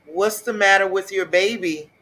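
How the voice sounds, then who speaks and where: A man's voice: high-pitched, normal speed, sharp tone, poor audio. A man chatting on a casual live stream, reacting to the chat and asking viewers questions.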